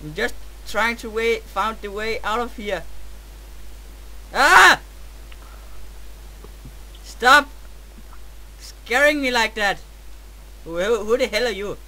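A man with a Danish accent, hosting a gameplay video with dramatic, excitable commentary and shouts. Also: high-pitched, normal speed, rough recording. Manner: dramatic, yelps and shouts at the game.

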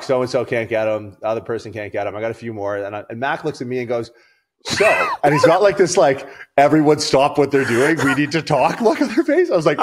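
A man co-hosting a podcast, telling stories in casual chat, rambling and swearing freely. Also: medium pitch. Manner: profane, rambling storyteller. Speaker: podcast co-host.

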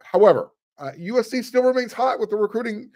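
With a very high, animated, slightly mellow voice, a man races through casual commentary on his sports podcast. He's chatty, leaning on fillers, restarting frequently, and tossing in dry sarcastic asides.

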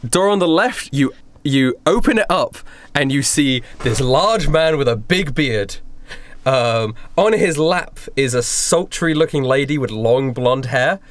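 A man's voice: medium pitch, animated, unhurried. A man narrating as game master in a tabletop game, laughing often.

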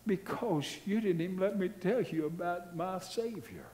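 A man's voice: high voice, normal speed, a little mellow, voice pushed up, lightly acted. A man voicing an earnest, tearful male missionary in a sermon story. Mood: pleading. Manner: pleading, earnest.

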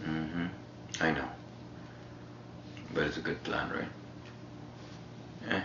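A man's voice: rumbling low, fairly even intonation, slow pace, creaky, long pauses. A man with an Indian English accent, chatting casually in a laid-back, profane, rambling way as a reality show contestant in a shared house. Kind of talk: casual chat. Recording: muffled roomy house-cam audio with background noise.

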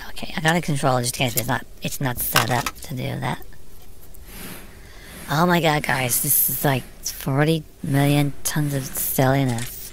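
A woman from Britain gives casual gameplay commentary on stream, talking, exclaiming, and muttering to herself as she plays. Her pitch is extremely low and her pace a little slow, with slight background noise in the recording.

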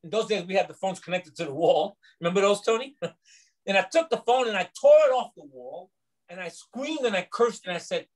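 Animated, high-voiced male pastor from New York. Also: a little fast, poor audio. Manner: animated storyteller, acts out dialogue. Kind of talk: teaching sermon with personal testimony.

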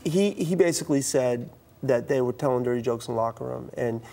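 A middle-aged man from the US East Coast tells stories in a talk-show interview, and his voice has a gravelly texture. His pitch sits in the ordinary middle range for a man. He talks animatedly, restarts his sentences often, and acts out the lines of the people in his stories. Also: fairly quick, a little hiss or hum. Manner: animated, acts out quoted dialogue, frequent restarts. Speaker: youth speaker.

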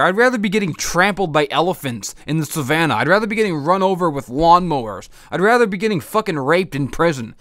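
A high-voiced man rants in a stream of exasperated profanity. His face is numb from the dentist, yet he keeps hammering on his complaints. The sound is dry and close. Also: a bit bright, dry recording. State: half his face numb from dental work. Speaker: podcast host. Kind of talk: angry comedic rant.

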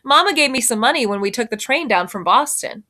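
A quiet, thoughtful young girl, soft-spoken and reserved, voiced by a woman reading a storybook aloud. Her lines come gently and simply, in a slightly high voice. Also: lively intonation, brisk.

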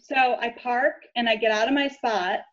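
A woman guest, a lawyer, telling her story in an earnest, low-key way during a casual interview chat. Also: steady tone, normal speed, fairly bright tone. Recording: dull lo-fi audio.

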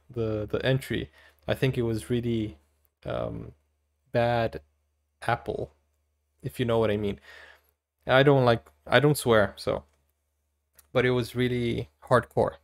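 A man from Brazil, hosting casual movie reaction commentary, chatty and giggly, with animated exclamations. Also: medium pitch, gravelly.

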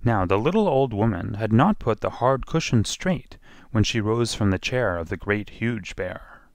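Expressive low-voiced man reading a storybook. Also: dry recording. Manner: expressive, slowing for repeated phrases. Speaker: narrator.

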